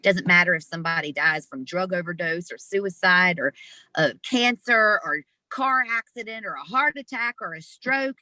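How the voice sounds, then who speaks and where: A woman with a lowish, bright voice tells a story with lively expression. Her voice is recorded close and dry over a video call. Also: moderate pace, no room sound. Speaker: interview guest. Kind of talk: storytelling in conversation.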